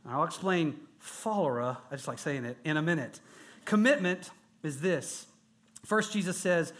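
Man, pastor, high voice, earnest emphatic sermon, repetitive preaching. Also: expressive, normal speed, a bit bright. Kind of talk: sermon to a men's gathering.

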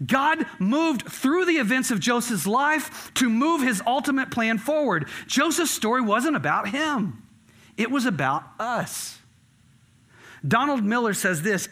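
In a very high-pitched, slightly bright voice, a middle-aged man preaches a sermon as a pastor. His style is conversational storytelling, pressing his points home earnestly.

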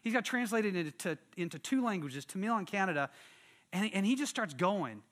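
A man from Texas, telling a lively story as part of a sermon and acting out voices and sounds. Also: high voice, normal speed. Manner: animated, acts out quotes and sound effects.

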